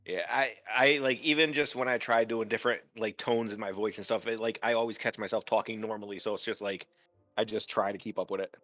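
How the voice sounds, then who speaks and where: A self-deprecating man with a bright, forward tone chatting with his gaming friends. He comes through a dull, dry, lo-fi home mic with faint music behind. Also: lowish voice, steady tone, a little fast, dry recording. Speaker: player. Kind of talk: casual chat between game sessions.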